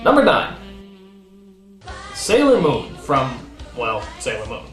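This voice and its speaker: A man hosting a comedic countdown review. He is sarcastic and animated, with quick comic asides. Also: medium pitch. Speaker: host and critic. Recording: roomy studio with faint music.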